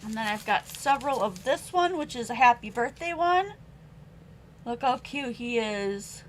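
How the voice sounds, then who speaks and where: A young woman selling craft supplies on a home livestream chats as she reads out stamp sentiments and prices, speaking a little slowly in a high-leaning voice with lively intonation. The audio is poor, with slight background noise.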